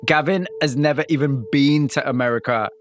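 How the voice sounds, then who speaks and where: A male radio presenter narrating a documentary segment in a measured way and asking empathetic questions. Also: mid-range voice, noisy background. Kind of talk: scripted narration and interviewing.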